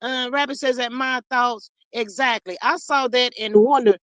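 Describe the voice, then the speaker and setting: Her voice is a little high and her pace moderate as she hosts a casual live stream, reading chat comments out loud. She reacts with animated sass, dubbing viewers "honey" and "child," on a recording with no echo.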